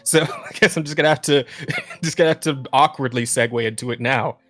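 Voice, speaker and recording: A man's voice: mid-range voice, a little fast, fairly bright tone. A young man co-hosting a podcast in casual chat, rambling with lots of restarts, swearing and laughing often. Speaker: podcast co-host.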